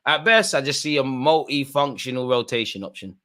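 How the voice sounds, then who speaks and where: A man hosts a live football watch-along, reacting to the match in slangy banter with a bright, forward, medium-pitched voice at a brisk pace. He swings between muttered asides and excitable shouts at the referee.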